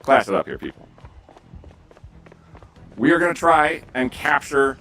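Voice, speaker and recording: Playful bright-voiced male streamer. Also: fairly high pitch, animated, measured pace, recorded from a distance, soft background music. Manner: playful, joking. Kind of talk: casual game-stream chat.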